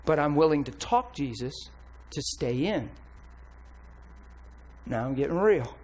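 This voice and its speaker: A man preaching a candid, blunt personal testimony with animated storytelling. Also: on the high side, a little slow, low-quality recording. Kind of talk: sermon testimony.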